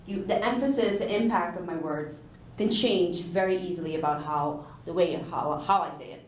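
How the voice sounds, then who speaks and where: A woman's voice: medium pitch, darkish tone. Woman, conference speaker, earnest explainer, echoey hall, distant mic, faint room hum. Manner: earnest, explanatory, with self-corrections. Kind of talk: conference talk. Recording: echoey hall, heard from afar.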